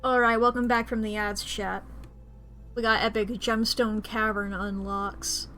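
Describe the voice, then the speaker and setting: A woman's voice: on the high side, little pitch movement, measured pace, pushed and bright, slight background noise. Playful, chatty woman streamer. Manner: playful, chatty, swears casually. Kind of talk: casual gameplay commentary.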